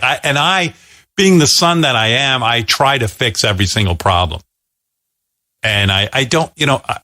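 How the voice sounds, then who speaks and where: A male radio host from New with a bright, forward voice. He tells a long story in a loose, rambling way, restarting sentences and poking fun at himself. His delivery is casual and conversational. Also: mid-range voice. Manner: rambling, self-deprecating, with many restarts. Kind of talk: casual talk-show storytelling.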